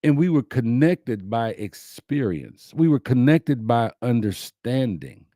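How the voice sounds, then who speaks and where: Slow, emphatic man. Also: medium pitch, lively intonation, mellow, no room sound, clean studio sound. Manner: slow, emphatic, repeats key lines. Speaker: host. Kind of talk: inspirational talk to a live audience.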